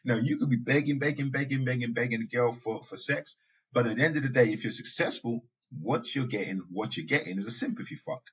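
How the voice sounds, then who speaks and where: Male podcast host, husky voice, casual and rambling, muffled lo-fi recording. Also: medium pitch, expressive, quick pace, fairly bright tone. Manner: conversational, with asides and occasional laughs. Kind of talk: casual monologue. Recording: dull lo-fi sound.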